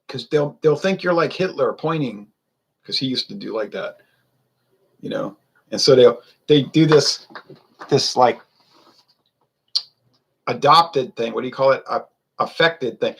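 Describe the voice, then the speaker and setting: Gravelly man ranting on camera. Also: on the high side, lively intonation, moderate pace. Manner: ranting, heated and sarcastic. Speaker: beer review channel host. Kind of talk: casual on-camera rant.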